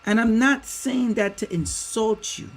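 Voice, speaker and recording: A man's voice: high voice, measured pace, low-quality recording. A man hosting a livestream, speaking emphatically to his viewers and firing off rhetorical questions. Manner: addresses viewers as y'all. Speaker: livestream host. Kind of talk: livestream commentary. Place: home setup with a green screen.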